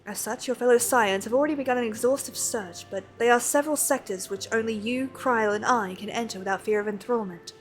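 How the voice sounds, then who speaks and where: A woman's voice: a little high, a little fast, hardly any pauses, faint music behind, lightly acted. A woman reading as an earnest fantasy scholar. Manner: reads archaic game dialogue aloud.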